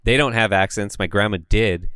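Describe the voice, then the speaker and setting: A man in casual podcast chat, relaxed and easygoing, with a swear dropped in here and there. His voice is lowish and smooth. It sounds clean and dry, close to the mic. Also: normal speed, no echo. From Canada. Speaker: podcast co-host.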